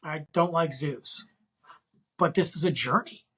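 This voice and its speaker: Man in his thirties, solo podcast host, raspy tone, eager and loose delivery. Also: fairly high pitch, a little slow, sharp tone. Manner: enthusiastic, rambling, slangy. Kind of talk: casual podcast monologue.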